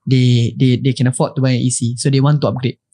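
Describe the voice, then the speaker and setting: A man's voice: medium pitch, little pitch movement, quick pace, mellow. A Singaporean man hosting a casual podcast, steering the talk and mixing Malay and English. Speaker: podcast host. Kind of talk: casual chat.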